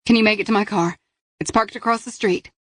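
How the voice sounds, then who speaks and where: Woman voicing a steady adult woman investigator. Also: mid-range voice, a little fast, no echo, studio quality, pitched above the performer's own voice, lightly acted. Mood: firm.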